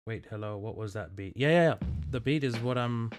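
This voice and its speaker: A man from Kenya hosts a relaxed live stream from his music studio. He chats loosely with his viewers and calls them by name, and his voice sits at an ordinary middle pitch. He keeps dropping "like" and "dude" between thoughts. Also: a little fast. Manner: chatty, talks to chat by name, lots of "like" and "dude". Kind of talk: casual live-stream chat.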